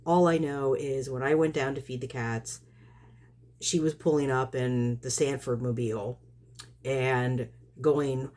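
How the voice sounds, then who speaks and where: A woman's voice: extremely low pitch, fairly even intonation, unhurried, darkish tone. A woman vlogger feeding neighborhood cats, chatting to her viewers in a rambling way and laughing often. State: just back in from outdoors. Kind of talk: casual chat to camera.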